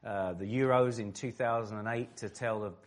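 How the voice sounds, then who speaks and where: A middle-aged man from England tells vivid stories as an interview guest. His voice sits on the low side, and he tells them with animation and easy laughter. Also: moderate pace. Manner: animated, vivid storyteller who laughs often. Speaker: former footballer and pastor, interview guest. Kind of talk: storytelling in an interview.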